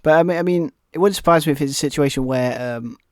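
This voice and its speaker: A man's voice: fairly high pitch, fast talker, no room sound, clean studio sound. A British man co-hosting a wrestling podcast, rambling casually with lots of restarts and fillers. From Britain. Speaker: podcast co-host. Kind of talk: casual chat.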